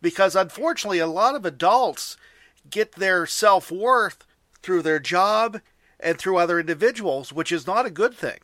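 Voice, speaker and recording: A man's voice: high-pitched, lively intonation, normal speed, a bit bright, no room sound, studio quality. An American man in his forties, a father, hosting a casual chat and speaking earnestly with frequent restarts. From United States. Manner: earnest, repeats words when starting.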